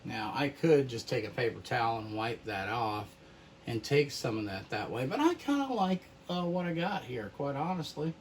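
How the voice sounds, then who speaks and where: A man talks through an oil painting demonstration at an unhurried, slow pace, with an easygoing manner that often drifts into murmuring to himself. There is a faint hiss of noise behind his voice. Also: a little high, darkish tone. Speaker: painting instructor. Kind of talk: relaxed paint-along tutorial.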